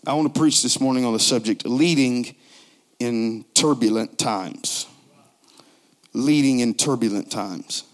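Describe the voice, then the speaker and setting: A man in his forties preaching a sermon in a joking, conversational way, low on strength and not raising his voice. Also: moderate pace, hardly any pauses. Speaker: pastor.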